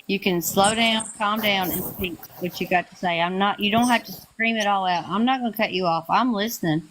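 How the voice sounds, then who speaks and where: Calm woman hosting a stream. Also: mid-range voice, a little hiss or hum, low-quality recording. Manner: calm, measured, reassuring. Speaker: live stream host. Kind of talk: live stream talk, answering accusations.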